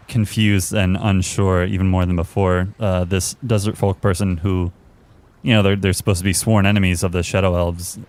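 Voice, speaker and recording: A man with a very deep voice describes what his character does in a slow, deliberate way. He chats casually at the table. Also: darkish tone. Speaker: player. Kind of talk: casual tabletop game chat.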